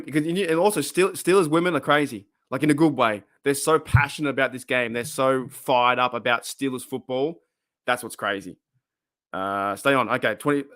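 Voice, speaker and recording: A man's voice: mid-range voice, a bit bright. A man with an Australian accent hosting a casual live stream, rambling, repeating himself and laughing often.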